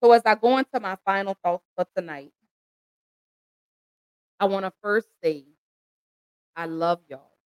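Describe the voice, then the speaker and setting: A woman's voice: medium pitch, a little slow, pauses often, smooth, no echo, rough recording. Impassioned American woman, dry close sound. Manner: impassioned, pleading, addresses listeners as y'all. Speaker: host. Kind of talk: emotional commentary.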